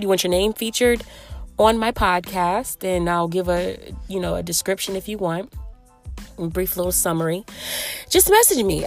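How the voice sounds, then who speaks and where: Animated woman podcast host. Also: fairly high pitch. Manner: loud, animated, joking, with bursts of laughter. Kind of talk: casual podcast chat.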